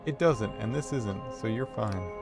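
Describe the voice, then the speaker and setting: A man's voice: on the low side, unhurried, over loud music. A man voicing a fussy, prim older female librarian who sweetly evades questions and calls people dearie, in a narrated text game.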